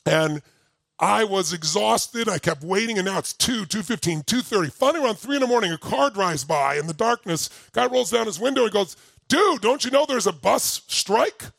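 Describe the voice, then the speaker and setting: Middle-aged man, motivational seminar talk, high gravelly voice, dry close sound. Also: fairly quick, no room sound. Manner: animated, emphatic storytelling that rises to near-shouting. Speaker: motivational speaker. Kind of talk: live seminar talk to an audience.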